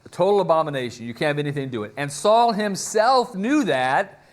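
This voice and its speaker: Conversational male preacher, slightly high voice. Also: animated, a little fast. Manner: conversational storytelling, acts out quotes. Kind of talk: sermon.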